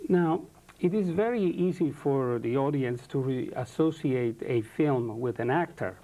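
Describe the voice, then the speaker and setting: A man hosting an interview, asking questions in hesitant, halting phrases full of fillers. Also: medium pitch, animated, mellow, poor audio. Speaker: interview host.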